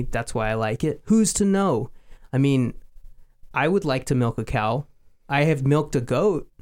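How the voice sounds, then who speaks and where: A man chatting on a radio music show in a playful, self-mocking manner. His voice sits in a middle range and he jumps between wry asides and bursts of excitement. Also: mid-range voice, smooth. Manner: joking, self-mocking, animated. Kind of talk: casual radio chat.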